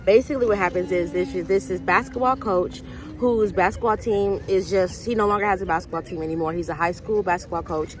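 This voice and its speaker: A woman's voice: lowish voice, brisk. Chatty woman retelling a movie. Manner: chatty storyteller acting out quoted dialogue. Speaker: host of a faith vlog.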